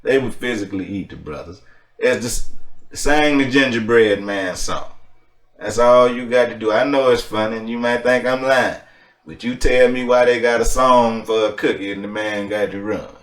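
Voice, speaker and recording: A man's voice: medium pitch, moderate pace. A man hosting a casual monologue, talking emphatically and preachily and repeating his phrases for weight. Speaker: podcast host. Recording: echoey room, distant mic.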